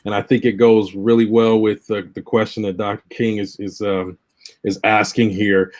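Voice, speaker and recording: A man's voice: lowish voice, little pitch movement, normal speed, a little mellow. Thoughtful young man moderating a panel. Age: young adult. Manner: thoughtful, hesitant questioning. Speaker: discussion moderator.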